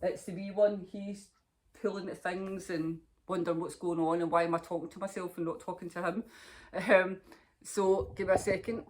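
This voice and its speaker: A woman's voice: fairly low pitch, steady tone, normal speed, darkish tone. A woman hosting a knitting podcast, chatting casually and rambling on with gushing enthusiasm, filmed on her phone at home. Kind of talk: casual chat to camera.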